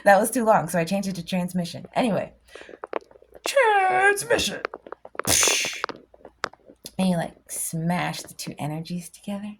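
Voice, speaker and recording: A woman vlogger with a rough, gravelly low voice delivers a blunt, impassioned spiritual rant. She jumps from loud exclamations to hushed whispers. Steady noise sits behind her voice. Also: fairly quick, few pauses. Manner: blunt, animated, swings from loud bursts to whispers.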